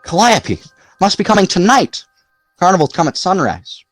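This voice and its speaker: A man reading aloud, voicing an excitable, restless thirteen-year-old boy who talks eagerly and breathlessly. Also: high-pitched, normal speed, no echo, soft background music, voice pushed up. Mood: excited.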